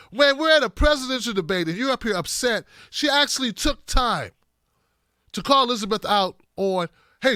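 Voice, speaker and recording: A man hosting a livestream of political commentary, animated and talking straight to his viewers, sometimes putting on mocking voices. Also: high voice, clear, resonant tone, no echo, clean studio sound.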